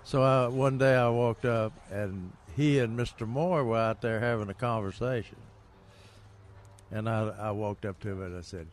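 A man's voice: on the low side, moderate pace. An older man co-hosting a gardening radio show, telling rambling stories with lots of fillers and chuckles. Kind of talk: casual radio chat.

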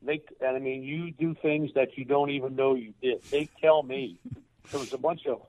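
An older man, a former baseball coach, tells a moving personal story in a halting way, repeating words as he is moved to tears. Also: mid-range voice, steady tone, darkish tone, no room sound. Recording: tinny phone line.

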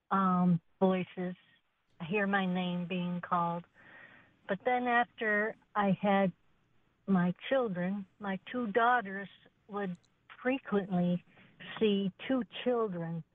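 A woman calling in to a radio show, telling a story in a plain, unhurried way over the phone. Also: mid-range voice, no echo. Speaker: caller. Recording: tinny phone line.

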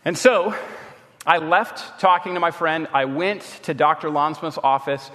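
Guy preaching, tells stories casually, kinda high voice, long reverb on it. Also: measured pace, a bit bright. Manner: conversational storytelling, acting out quoted friends. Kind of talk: sermon with personal stories.

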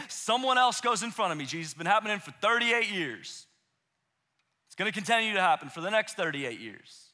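High, bright-voiced young pastor preaching. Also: male voice. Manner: dynamic, drops to hushed intensity for emphasis; conversational, acts out quoted voices. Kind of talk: sermon to young adults. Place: church auditorium.

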